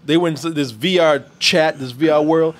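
Laid-back joking man, slightly high voice. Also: normal speed. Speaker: show host. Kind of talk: casual pop-culture chat.

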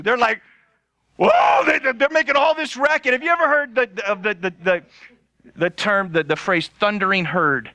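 A male pastor telling a funny story in a sermon, animated and laughing often. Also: sits high, dry recording.

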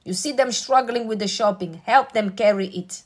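A woman's voice: on the high side, moderate pace. A woman preacher delivering a sermon with emphatic, repetitive exhortation.

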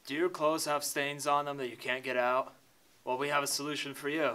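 A young man doing an over-the-top infomercial pitch in a comedy parody ad. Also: little pitch movement, brisk, pushed and bright, clean tone. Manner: over-the-top salesman delivery. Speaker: actor in a parody ad.

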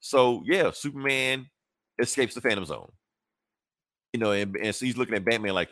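A man's voice: medium pitch, lively intonation, brisk, a bit bright, no room sound, studio quality. A man co-hosting a podcast, retelling a comic plot in loose, slangy chat and quoting the characters. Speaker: podcast co-host. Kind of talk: casual comic recap.

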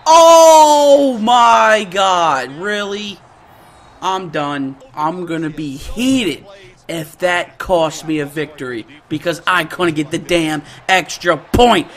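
A young man giving excited, slangy commentary over his own football video game, often shouting and laughing at big plays. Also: fairly high pitch, takes it slowly. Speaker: gaming YouTuber. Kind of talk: excited live gameplay commentary.

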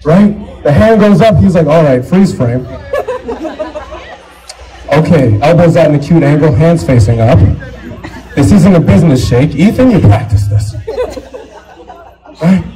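A man's voice: a little high, moderate pace, music in the background, poor audio. A young man doing a stand-up comedy set on stage, working the crowd and acting out voices. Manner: animated crowd work, acts out voices. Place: comedy stage before a live audience. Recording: live crowd laughing. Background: audience laughter.

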